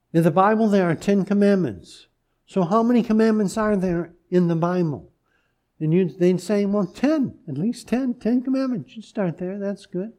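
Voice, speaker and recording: Guy pastor giving a sermon, real slow and careful, warm soft tone, keeps restarting his sentences. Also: high-pitched. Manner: slow, gentle and deliberate, with many pauses and restarts.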